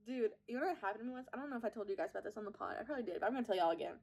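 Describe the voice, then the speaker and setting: A young woman with a slightly high voice rambles casually into her phone while she does her makeup at home. She tells stories in a giggly, self-mocking way, like a chat with her podcast listeners. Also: expressive, very fast, few pauses, a little mellow. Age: young adult. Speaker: podcast host. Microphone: phone camera propped up.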